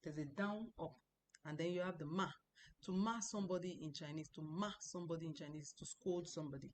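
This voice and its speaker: A woman teaching a language lesson, explaining patiently, repeating example sounds slowly and often restarting her sentences. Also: sits low, a little hiss or hum. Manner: frequent restarts and stammering. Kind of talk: recorded online lesson.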